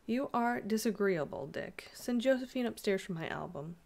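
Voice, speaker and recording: A woman reading the lines of a gentle, proud young wife in a storybook, in a soft, demure manner. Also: medium pitch, lively intonation, normal speed, gravelly. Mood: sulky.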